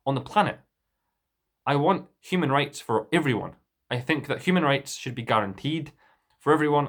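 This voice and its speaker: A young man speaks straight to his viewers in an earnest, rambling way, restarting his sentences as he goes. His voice sits at an ordinary middle pitch. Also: fairly bright tone. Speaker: vlogger. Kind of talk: casual talking-to-camera rebuttal.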